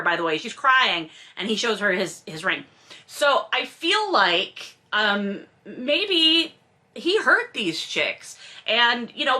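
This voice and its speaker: A woman's voice: high voice, sharp tone. A woman in her forties reading a novel aloud and mocking it with sarcastic, exasperated asides. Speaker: host reading and commenting on a novel. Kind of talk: comedic book commentary.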